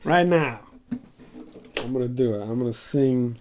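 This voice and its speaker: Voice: medium pitch, measured pace, a little mellow, muffled recording, a little hiss or hum. A podcast host chatting casually on their own, rambling and poking fun at themselves in a loose, crude way. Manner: rambling, self-mocking, crude. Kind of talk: casual solo chat.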